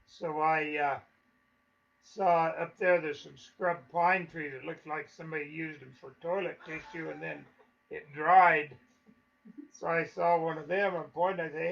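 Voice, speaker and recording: A man's voice: fairly high pitch, steady tone, a little slow, vocal fry, a bit bright, highs cut off. An older man telling stories from his life in a folksy, chuckling way. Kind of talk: casual spoken reminiscence.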